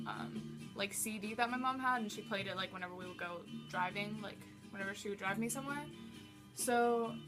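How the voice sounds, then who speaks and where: Teen girl vlogging, lots of like and um, rambly, music playing behind. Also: on the high side. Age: teens. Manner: rambling, many likes and ums. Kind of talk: casual tag-question vlog.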